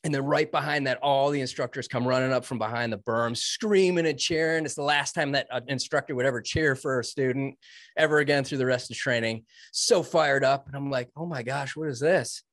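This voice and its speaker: A man's voice: mid-range voice, a little fast, a bit bright, no echo, studio quality. A man in his thirties telling a personal story in an interview, earnest and emphatic. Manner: earnest, emphatic, quotes himself and others. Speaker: guest, Navy veteran.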